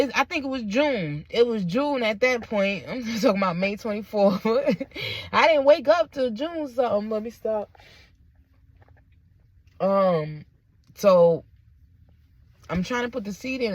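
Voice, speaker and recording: A woman's voice: mid-range voice, dry recording. A woman telling a personal story on her vlog, emphatic and blunt, with frequent asides to her viewers. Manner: blunt and profane. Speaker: vlogger.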